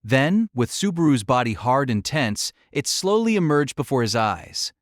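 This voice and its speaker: With a mid-range voice at a moderate pace, this male audiobook narrator tells the story dramatically and expressively. The studio sound is clean with no echo.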